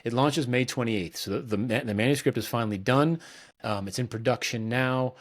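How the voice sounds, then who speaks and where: A middle-aged man talking as a podcast guest in a casual, relaxed way, with many fillers and restarts. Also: mid-range voice, brisk, no room sound. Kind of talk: casual conversational interview.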